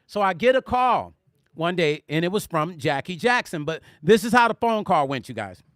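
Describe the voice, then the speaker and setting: A man hosting a music vlog, telling stories in an animated, conversational way and speaking directly to his viewers. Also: high-pitched, moderate pace, dry recording, clean studio sound. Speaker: music vlogger. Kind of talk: storytelling on a live stream.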